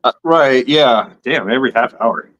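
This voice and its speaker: A man's voice: mid-range voice, normal speed, fairly bright tone, muffled recording. A man hosting his own livestream, chatting casually with a rambling, laughing delivery. He swears freely and talks in an ordinary mid-range voice. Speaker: livestream host.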